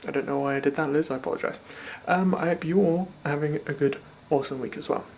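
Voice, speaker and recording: Rambling young man, slightly high voice. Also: steady tone, fast talker, creaky, a little hiss or hum. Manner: rambling, offhand and self-mocking. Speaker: video blogger. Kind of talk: casual chat.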